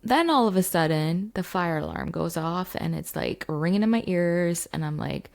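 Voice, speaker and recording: A woman's voice: fairly low pitch, expressive, normal speed, creaky, darkish tone. A woman, a mindset coach, telling a story to camera in a chatty way with many fillers. She is recording in her home basement.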